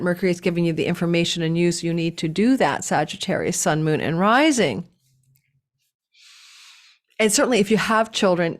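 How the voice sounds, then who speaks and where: A woman giving a casual astrology forecast, talking with a lively up-and-down cadence and chatty asides. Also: on the low side.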